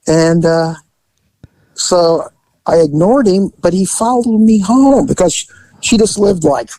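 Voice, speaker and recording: A man hosting a podcast, telling a police story in a relaxed, conversational way and acting out the people in it. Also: sits high, unhurried, no echo, low-quality recording. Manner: animated storyteller who acts out the people in his story. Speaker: podcast host and former police officer. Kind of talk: casual storytelling.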